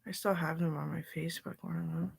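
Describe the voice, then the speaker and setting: A woman's voice: low voice, steady tone, fast talker, gravelly, noisy background. A woman talking in a loose, drifting casual monologue, often sinking into a whisper.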